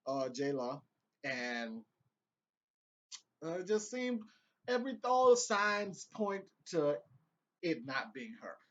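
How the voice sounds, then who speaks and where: A young man vlogs about a TV episode he just watched, rambling casually and profanely with laughing asides. His voice is medium pitch, and the recording is muffled.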